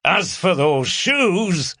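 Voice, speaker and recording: A man's voice: fairly high pitch, animated, pushed and bright, dry recording, clean studio sound, voice pushed up. A man voicing a jovial, teasing male chief inspector with a Yorkshire accent. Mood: hearty. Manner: hearty, teasing, brisk.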